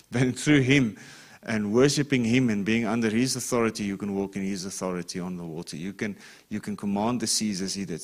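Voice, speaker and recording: A man preaching a sermon in a conversational way, reading scripture aloud and often checking in with the listeners. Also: on the low side. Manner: reads scripture with rising emphasis. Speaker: pastor.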